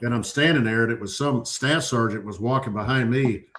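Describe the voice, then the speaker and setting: A man's voice: medium pitch, brisk, slight background noise. A man, a Marine veteran, telling swear-laden stories in casual chat. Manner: profane, animated storyteller.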